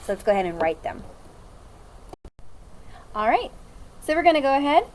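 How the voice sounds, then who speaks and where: A young woman teaching phonics to children, drawing out her words in a slow, sing-song way. Her voice sits fairly high, swoops and bounces with lots of movement, and stays upbeat and encouraging. A faint hum of room noise sits behind her. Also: sing-song.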